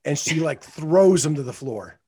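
A man's voice: a little high, lively intonation, unhurried, mellow, breathy edge. A man interviewing a coach in a casual, friendly way, prompting him with questions.

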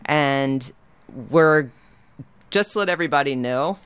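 A man's voice: on the high side, unhurried, a bit bright, clear, resonant tone. A man hosting a casual radio show in a studio, rambling and correcting himself as he talks. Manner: rambling, self-correcting, chatty. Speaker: radio DJ and host.

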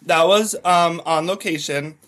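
A man appears as a podcast guest and former TV extra, a chatty storyteller who fills his casual talk with "like." His voice is a little high and a bit bright, and he speaks at a measured pace.

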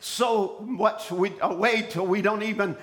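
A man delivering a fiery sermon in a very high, bright, forceful voice. He shouts his points, breaks into call-and-response with the congregation, and often restarts and repeats phrases as he builds. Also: fairly even intonation, a little slow. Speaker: preacher.

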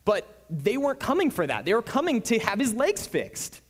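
A man preaching a sermon as pastor, animated, his voice swinging between hushed and loud. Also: very high voice, normal speed. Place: church. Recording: reverberant church hall.

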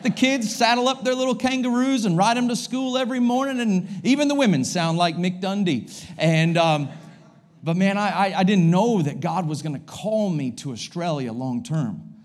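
High-voiced, lively American preacher man. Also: normal speed. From United States. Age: 40s. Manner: energetic and joking, with exclamations. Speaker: guest pastor. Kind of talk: sermon. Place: church service.

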